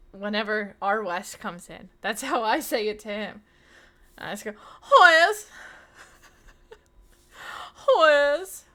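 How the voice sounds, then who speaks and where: A woman streamer chatting casually with her viewers, excitable and talkative, loudly greeting people in chat. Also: medium pitch. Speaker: streamer host.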